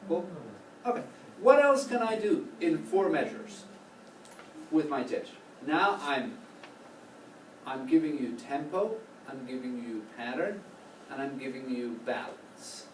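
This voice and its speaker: A man's voice: medium pitch, a little slow. Man coaching a choral class. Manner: questioning, coaching, lively. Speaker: choral conducting teacher. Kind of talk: classroom teaching. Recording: roomy, distant, noisy classroom recording.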